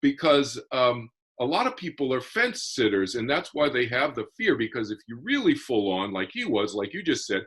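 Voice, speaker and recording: Husky man explaining earnestly. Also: mid-range voice, sing-song, normal speed, hardly any pauses, fairly bright tone. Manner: earnest, explanatory, with frequent repeated restarts. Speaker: author and interview guest. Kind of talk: casual interview conversation.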